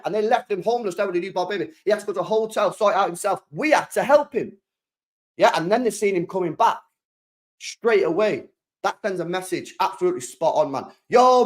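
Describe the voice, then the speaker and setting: Excitable young British man, high voice. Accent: British English. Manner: excitable, slangy, repeats himself. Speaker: football channel host. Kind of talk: casual live-stream chat.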